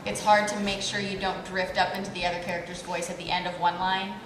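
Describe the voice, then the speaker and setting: A woman's voice: lowish voice, completely flat delivery, quick pace, distant mic. A female voice actor chatting on a convention panel, giggly and talkative. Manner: chatty, giggly, does accents. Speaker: voice actress guest. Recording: echoey room with crowd noise.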